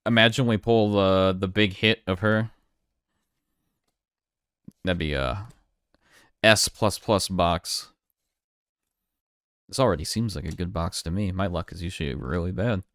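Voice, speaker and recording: A man casually talking through a card pack unboxing, relaxed and chatty, thinking aloud as he goes. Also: low-pitched, unhurried, long pauses, dry recording, clean studio sound. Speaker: card collector streamer.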